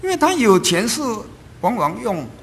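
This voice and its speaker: A man preaching a sermon in lively, emphatic phrases, pausing for an interpreter. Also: sits high.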